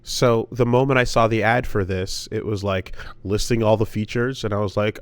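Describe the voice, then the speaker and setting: A man's voice: on the low side, steady tone, normal speed, no room sound. A man co-hosting a casual podcast, rambling with lots of fillers, restarts and swearing. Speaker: podcast co-host.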